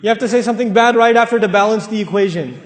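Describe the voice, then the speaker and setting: Guy preaching with a very high voice, joking and direct, big echoey hall. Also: rapid-fire. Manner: direct, joking, repeats for emphasis. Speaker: speaker giving a talk. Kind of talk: sermon to a live audience. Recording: echoey hall, long reverb.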